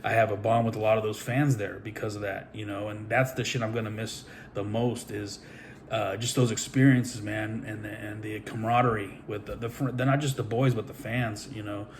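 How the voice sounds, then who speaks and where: Rambling, profane man with a low voice. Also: steady tone, fairly quick, slight background noise. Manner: rambling, profane, with many fillers. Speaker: pro wrestler and trainer. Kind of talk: casual storytelling monologue.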